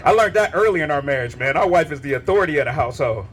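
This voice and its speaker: A middle-aged man doing stand-up comedy on a club stage, telling animated stories and breaking into laughter and sung bits. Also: a little high, rapid-fire, slight background noise.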